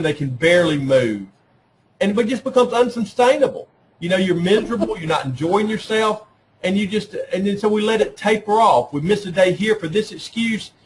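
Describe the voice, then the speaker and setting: A man speaks at a professional development session. His voice sits fairly high for a man, and he talks in a relaxed, conversational way. He checks in with the audience by asking "right?" and slips in jokes at his own expense. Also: a little hiss or hum, rough recording. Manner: self-deprecating humor. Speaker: workshop presenter.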